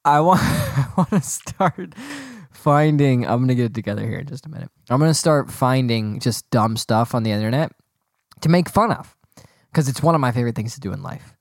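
A young man talks straight into a close mic in a dry, deadened room, his voice sitting at an ordinary middle pitch. He rambles through a casual solo podcast rant, sarcastic and full of restarts. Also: dry recording. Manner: rambling, sarcastic, breaks into giggling fits. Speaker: podcast host.

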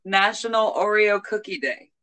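A man hosting a podcast in casual chat, reading out a list of days in a low-key way. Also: lively intonation, moderate pace, sharp tone. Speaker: podcast host.

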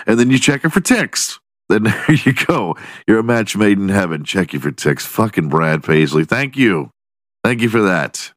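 A man's voice: fairly low pitch, animated, unhurried, no echo, studio quality. A man hosting his own podcast, rambling crudely through a comedic monologue and laughing at his own jokes. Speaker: podcast host.

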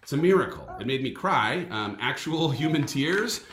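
Vlog host, male, 30s; animated and playful, lively pitch, echoey room sound. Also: normal speed, slight background noise. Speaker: vlog host and first-time author. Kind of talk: casual vlog chat.

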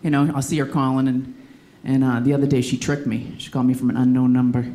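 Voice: medium pitch, little pitch movement, fast, warm tone. A stand-up comedian from Boston tells chatty stories about family and often laughs mid-line. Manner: chatty storytelling, laughing through lines. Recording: noisy clip with ambience.

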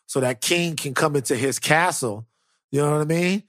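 A man co-hosting a podcast in a casual comedic chat, telling lively stories and acting out voices. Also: fairly high pitch, normal speed, no room sound, studio quality. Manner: animated storyteller, acts out voices. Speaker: podcast co-host.

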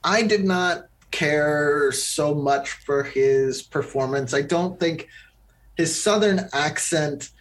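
Man, somewhat high voice, casual film review, blunt, critical, talks in quick bursts. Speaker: podcast co-host.

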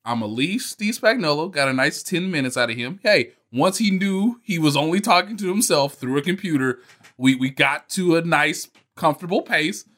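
Bright, lively man chatting about sports. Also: a little high, normal speed. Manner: animated, laughing storyteller. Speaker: podcast co-host. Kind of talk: casual sports chat.

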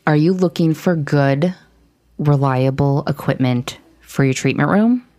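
Low-voiced woman hosting a podcast. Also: a little slow, dark tone. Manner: chatty, laughs often, talks while eating. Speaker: podcast host. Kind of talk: casual podcast chat.

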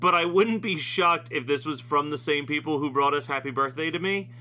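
A man's voice: fairly high pitch, a little fast, noisy background. A man co-hosting a casual movie review chat, laughing often and swearing while he jokes about the film. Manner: laughs often, profane, joking. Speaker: podcast co-host.

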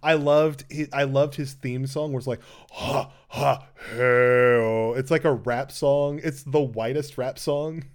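A man's voice: on the high side, fairly even intonation, moderate pace, few pauses, a little mellow. A man co-hosting a casual podcast, reading out listener questions in a rambling, enthusiastic way. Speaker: podcast co-host. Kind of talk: casual chat.

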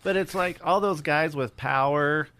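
A man guest in a casual podcast chat, mostly chiming in with short reactions and remarks. His voice is a bit higher than most men's. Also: a little slow, bright, forceful tone, clean tone.

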